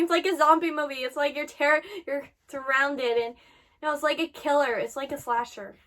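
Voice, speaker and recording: A woman's voice: sits high, fairly even intonation, normal speed, a bit bright. A woman giving emotional reaction commentary while watching an anime, swearing and exclaiming.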